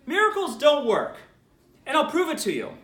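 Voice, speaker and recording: A man's voice: very high-pitched, moderate pace, echoey room. A man who is a rabbi, giving an informal lecture, telling stories and acting out the people he quotes. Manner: animated storytelling, acts out quoted voices.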